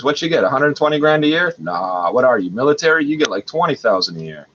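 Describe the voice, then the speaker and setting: A man's voice: mid-range voice, sing-song, quick pace, hardly any pauses, a bit bright. A man at home hosting a livestream, rambling in an agitated, profane way. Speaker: livestream host. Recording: dull lo-fi audio with faint noise.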